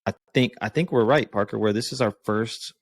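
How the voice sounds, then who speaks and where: A man's voice: lowish voice, a little fast, dry recording, studio quality. A man co-hosting a podcast, joking casually as the color commentator. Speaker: podcast co-host.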